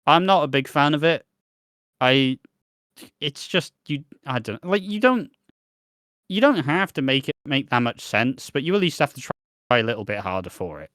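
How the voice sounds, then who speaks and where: Male podcast co-host, rambling and sweary, mid-pitched voice, dry close-mic sound. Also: animated, moderate pace, fairly bright tone, dry recording. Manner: rambling, restarts, swears, laughs at his own points. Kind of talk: casual chat recapping a soap episode.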